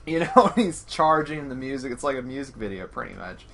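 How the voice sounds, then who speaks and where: A man hosting a casual podcast chat, rambling with many restarts and getting excitable. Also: medium pitch, fairly quick, gravelly. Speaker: podcast host.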